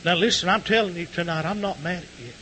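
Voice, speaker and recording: Impassioned preacher man, high bright voice. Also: fast talker, slight background noise, low-quality recording. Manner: impassioned, shouting at peaks, folksy. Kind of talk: sermon. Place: church before a congregation.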